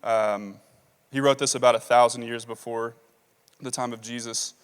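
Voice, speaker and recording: A man's voice: mid-range voice, steady tone, moderate pace, clean tone. Casual male preacher in a reverberant hall. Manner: casual, conversational preaching with many fillers. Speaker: pastor. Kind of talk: sermon. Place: large church hall. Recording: long reverb of a large hall.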